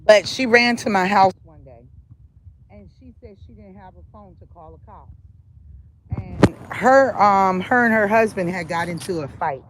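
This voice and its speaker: A woman chats to her live stream audience, telling a story in a blunt, cussing, animated way. Her voice sits at a middle pitch. Steady noise and passing vehicles run behind her. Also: unhurried. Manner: blunt, profane and animated, often laughing. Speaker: psychic reader hosting a live stream. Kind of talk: casual storytelling to a live chat.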